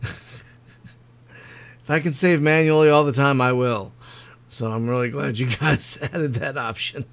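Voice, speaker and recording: A man's voice: medium pitch, fairly even intonation, slow, long pauses, a bit bright. A man hosting a podcast in casual chat, talking freely and laughing often over an online voice call. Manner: chatty, laughs often, apologetic. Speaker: podcast host.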